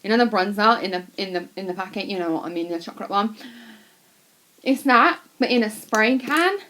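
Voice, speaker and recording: A woman's voice: medium pitch, expressive, brisk, pushed and bright. A young woman talks straight to her camera, rambling and chatty, tossing in fillers and the odd swear word. She sounds a little under the weather with a cold. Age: young adult. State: sick with a cold. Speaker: vlogger. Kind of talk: casual chat to camera.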